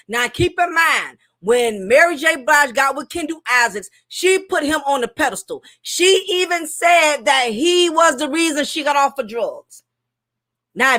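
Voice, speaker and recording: Woman, high voice, bright tone, emphatic opinionated commentary, slightly thick speech. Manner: emphatic, opinionated, repeats herself; speech slightly thick from recent dental work. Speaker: commentary host. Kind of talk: casual commentary monologue.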